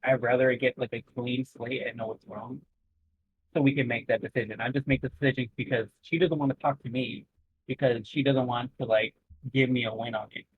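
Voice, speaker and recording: A man's voice: medium pitch, steady tone, brisk, breathy edge. A man talking loosely with mumbled diction and frequent swearing in a casual stream chat. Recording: tinny phone-like voice call.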